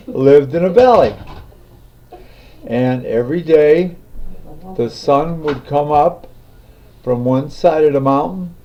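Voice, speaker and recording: A man telling a folk tale in an unhurried way, with fillers and restarts, on a dull lo-fi recording. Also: fairly high pitch. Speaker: storyteller. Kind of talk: oral folk storytelling.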